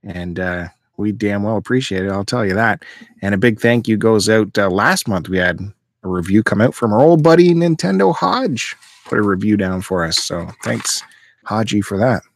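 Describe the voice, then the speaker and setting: A man's voice: fairly low pitch, expressive, normal speed, no room sound. A man hosting a casual podcast chat, bantering and teasing his co-host with dry humor.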